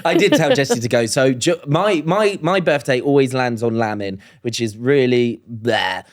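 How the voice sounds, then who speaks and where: A man's voice: expressive, normal speed, no echo. Joking young man with a dry sound. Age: 20s. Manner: joking, playful, jumps into high mock voices. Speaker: podcast co-host. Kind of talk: casual chat.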